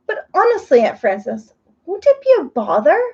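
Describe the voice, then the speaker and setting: A woman voicing an eager, excited little girl in a storybook reading, raising her voice high and bright. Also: moderate pace, dull audio, exaggerated voice.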